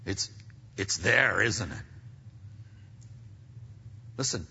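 A man preaching a sermon as pastor, animated and swinging from quiet asides to loud climaxes. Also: on the low side, very slow, vocal fry, breathy edge. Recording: long reverb, dull lo-fi sound.

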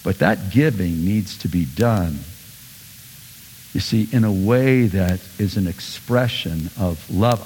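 A male pastor preaching a sermon, animated, swinging between loud bursts and soft asides. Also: deep voice, slow, in a large hall, a little hiss or hum.

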